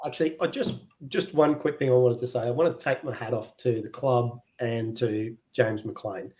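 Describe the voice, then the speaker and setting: A man's voice: mid-range voice, fairly even intonation, normal speed, a little mellow. A man co-hosting a podcast in casual chat, full of teasing, joking banter. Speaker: podcast co-host.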